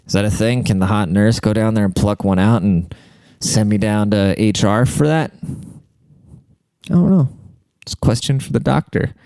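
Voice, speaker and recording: A man's voice: lowish voice, mellow, clear, resonant tone, no echo. A man hosting his own podcast alone, a comedian rambling in a profane, jokey way. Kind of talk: solo podcast monologue.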